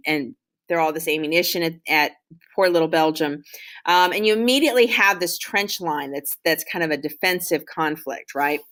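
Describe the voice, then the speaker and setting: Bright-voiced woman giving a casual history lecture. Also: on the low side. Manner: conversational, many ums and restarts. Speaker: history teacher. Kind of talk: classroom lecture.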